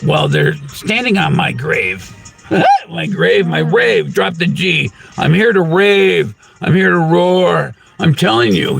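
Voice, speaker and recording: A man with an intensely gravelly, fry-laden voice hosts his own channel, his pitch leaping about as he rambles through a spiritual monologue. He strings together rhymes and wordplay and breaks into sudden loud bursts. Faint music plays underneath, and his voice sits a little higher than most men's. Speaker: channel host.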